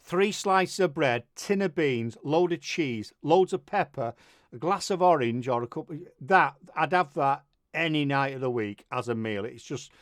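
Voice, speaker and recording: A man's voice: a little high, lively intonation, moderate pace, no echo, clean studio sound. A man hosting a casual radio show, joking and rambling, often laughing. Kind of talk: casual chat.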